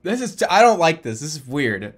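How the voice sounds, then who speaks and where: Excitable joking male game streamer. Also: a little high, a little fast, husky. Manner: excitable, joking, swings from mumbling to shouting. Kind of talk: casual gaming stream commentary.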